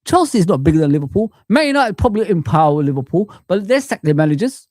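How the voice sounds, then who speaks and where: A man streaming a frustrated football rant, shouting out viewers and calling them guys and man. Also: high voice, big pitch swings, fast talker, no room sound, studio quality. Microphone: streaming mic.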